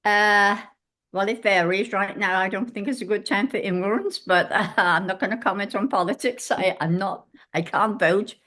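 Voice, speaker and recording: An older British woman in her eighties, chatting as an interview guest. Her voice sits in a middle pitch, and she tells stories with plenty of life, slipping into the voices of the people she remembers. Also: normal speed. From England. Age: 80s. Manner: lively, acts out dialogue in her anecdotes. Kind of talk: casual interview storytelling.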